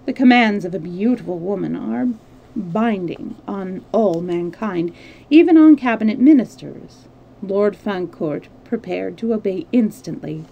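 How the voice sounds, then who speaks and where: A woman reading a classic novel aloud as a storyteller, steady with small slips and restarts. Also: mid-range voice, unhurried, vocal fry, highs cut off.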